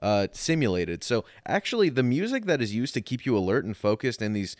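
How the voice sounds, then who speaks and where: A man's voice: medium pitch, very animated, fairly quick, no room sound, studio quality. A man co-hosting a podcast, explaining a topic in a rambling way with many fillers and the odd swear. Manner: explanatory, rambling with fillers, exasperated when interrupted. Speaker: podcast co-host presenting a topic. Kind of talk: casual podcast chat with swearing.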